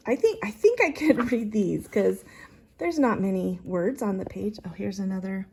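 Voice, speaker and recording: A woman talks through her collection in a casual show-and-tell, excited and rambling, often breaking off to restart a sentence. Her voice is mellow and dark, with a breathy huskiness and a gravelly edge of fry at the ends of phrases. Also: mid-range voice. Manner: chatty, excited, trails off and restarts. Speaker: vintage collector showing items.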